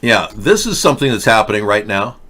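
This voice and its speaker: A man's voice: lowish voice, big pitch swings, a little fast, sharp tone. A man hosting a livestream political rant, sarcastic, mocking and rambling as he talks to his chat. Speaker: host.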